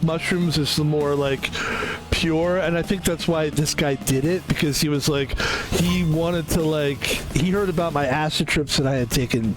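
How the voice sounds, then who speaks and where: Over a noisy background, a man with a voice on the high side streams a video game. His commentary is casual and rambling, profane and self-deprecating.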